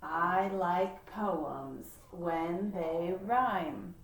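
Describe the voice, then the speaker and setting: A woman leading a poetry lesson for children, talking in a slow, encouraging way with frequent fillers. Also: fairly low pitch. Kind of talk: patient lesson for children, reading a poem aloud. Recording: echoey room, distant mic.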